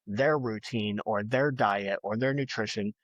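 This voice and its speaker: A man's voice: on the low side, measured pace, no echo. Emphatic motivational man, dry sound. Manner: emphatic, motivational, leans on "like" and "you know". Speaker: podcast guest, fitness and bodybuilding figure. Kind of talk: casual interview talk.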